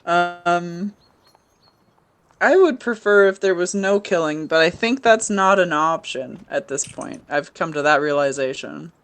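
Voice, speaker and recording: A woman's voice: lowish voice, expressive, a little slow, a bit bright. A woman in a casual tabletop role-play over voice chat, hesitant, with many fillers and restarts. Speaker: player.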